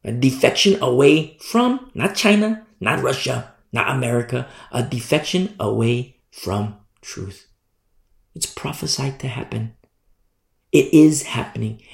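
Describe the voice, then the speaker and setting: Impassioned male pastor, gravelly, echoing hall, emphatic repetition. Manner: impassioned, emphatic preaching with big swings in pitch and loudness; repeats words for emphasis, acts out quoted voices. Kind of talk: sermon.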